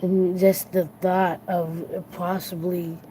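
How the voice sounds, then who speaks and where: A tired livestream host chatting casually to viewers, earnest and reflective, rambling and halting with many restarts. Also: medium pitch, flat delivery, warm tone, slight background noise, poor audio.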